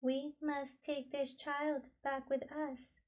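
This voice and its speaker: A woman voicing a gentle, furry alien beast with tentacles, who speaks slowly, softly and calmly. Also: high voice, pitched above the performer's own voice, low-quality recording. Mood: soothing, grave. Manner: slow, soft, calm and careful.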